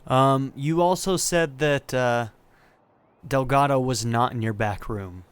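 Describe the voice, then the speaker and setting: A man casually commentating his playthrough of a video game, thinking aloud in a relaxed, chatty way with fillers and quick laughs. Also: mid-range voice, clean tone. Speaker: let's play gamer.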